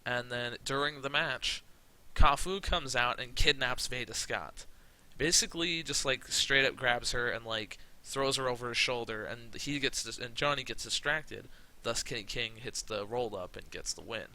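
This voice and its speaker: A man's voice: mid-range voice, moderate pace, sharp tone, rough recording. A man giving rambling, sarcastic commentary on his wrestling management game, swearing casually. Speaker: let's play commentator.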